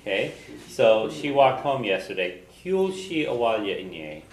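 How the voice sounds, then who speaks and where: A man teaching a language class, patiently drilling phrases slowly so students can repeat them. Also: medium pitch, very animated, reverberant, low-quality recording.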